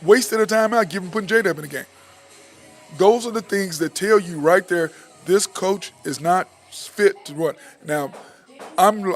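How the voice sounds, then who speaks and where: A fired-up male sports talk host, frustrated and ranting. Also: a little high.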